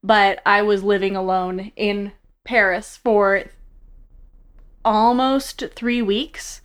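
Young woman, smooth clear voice, casual chat, self-mocking storyteller. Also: mid-range voice, takes it slowly. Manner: animated storyteller, self-mocking, laughs often. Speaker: actress and comedian, podcast guest. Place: her home.

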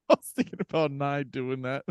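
A man's voice: medium pitch, fairly even intonation, normal speed, clear, resonant tone, no room sound. A man hosting a podcast in casual chat, telling a story loosely and laughing often between words. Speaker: podcast host.

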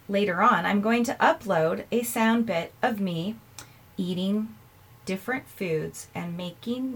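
A woman's voice: mid-range voice, fairly bright tone, breathy edge. Chatty, self-mocking woman podcast host. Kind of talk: casual chat. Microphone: earphones in, recording herself.

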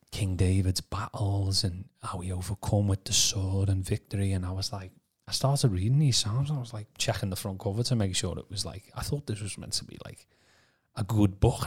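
A man from Birkenhead, telling his testimony on a podcast in a casual, animated way with stammering repeats. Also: fairly low pitch, husky. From Birkenhead, England. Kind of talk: casual storytelling.

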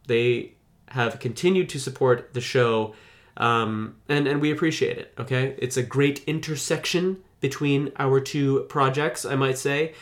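A man's voice: medium pitch, fairly bright tone. Man, podcast host, jokey rambling ad-read energy, a bit worn from being sick. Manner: jokey, rambling, mock-defensive. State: recovering from illness. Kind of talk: casual podcast intro and ad read.

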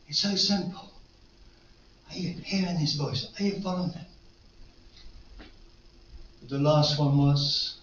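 Older male preacher, a touch high-voiced, earnest storytelling sermon; distant, dull mic in an echoey church. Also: a little hiss or hum. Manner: storytelling, earnest, rising to fervent appeals.

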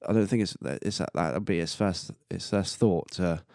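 A young man in his twenties talks on his own podcast with a very low, deep voice, close to the mic in a dry, dead room. He rambles casually and laughs at his own jokes. Now and then he coughs or burps. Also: moderate pace, vocal fry, a little mellow, no echo. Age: 20s. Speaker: podcast host. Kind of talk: casual solo podcast monologue.

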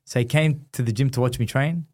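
Man in his thirties, lively storyteller who acts out the people he quotes, medium pitch. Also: a little fast. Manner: animated, acts out quoted voices. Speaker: guest, former boxer. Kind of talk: casual storytelling interview.

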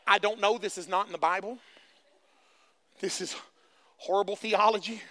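A man's voice: high-pitched, fairly even intonation, normal speed, bright, forceful tone. A man preaching a sermon as pastor, calling out to the congregation and repeating phrases for emphasis.

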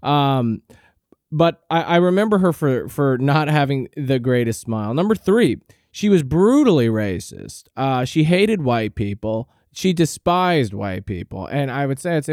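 A man hosting a podcast, telling a comic story in a profane, rambling monologue with deadpan exaggeration. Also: medium pitch, measured pace, no room sound, clean studio sound. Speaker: podcast host.

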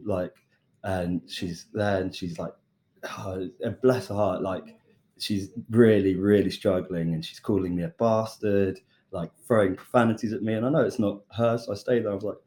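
A young British man, a chef, casually telling a lively story and acting out the voices of the people in it. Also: on the low side, moderate pace. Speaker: chef and podcast guest.

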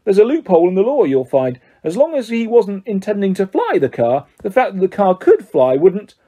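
A mild, middle-aged wizard father, worn out and given to flustered stammering, voiced by a male storyteller. His voice is husky and mellow. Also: high voice, huge pitch swings, normal speed, pitched above the performer's own voice, full character voice. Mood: weary, flustered. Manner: tired, mumbling, then flustered.

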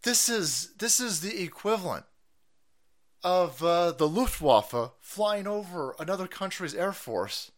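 A man hosting a livestream, ranting angrily and profanely with sarcasm and bursts of shouting. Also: sits high, big pitch swings, measured pace. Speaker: streamer host. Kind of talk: angry political rant on a livestream.

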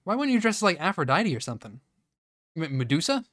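A man co-hosting a comedy podcast who recaps a movie in casual, rambling chat and slips into quick quoted voices for its characters. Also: a little high, big pitch swings, a bit bright, no echo, studio quality. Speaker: podcast co-host.

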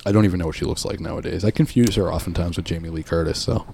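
A man's voice: deep voice, very fast, gravelly, a little mellow, a little hiss or hum. A man co-hosting a podcast in casual, crude, joking chat. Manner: crude joking, acts out characters in quotes. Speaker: podcast co-host.

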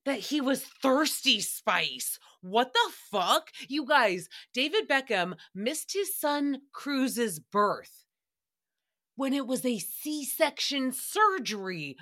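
A young woman hosts a casual comedic recap, rambling from one thing to the next with plenty of swearing and easy laughter. Her voice is bright and fairly high. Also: very animated. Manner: profane, rambling, quick to laugh. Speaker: podcast host.

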